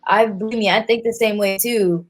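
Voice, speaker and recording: A woman co-hosting a podcast, chatting in a relaxed, frank way. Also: mid-range voice, normal speed, faint music behind. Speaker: podcast co-host. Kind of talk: casual chat.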